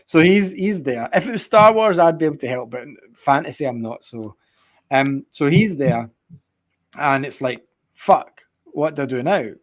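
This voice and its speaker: A man's voice: on the high side, normal speed. A man, co-hosting a casual chat about video games, rambling and swearing as he tells stories. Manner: rambling, profane, animated storytelling. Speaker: podcast co-host.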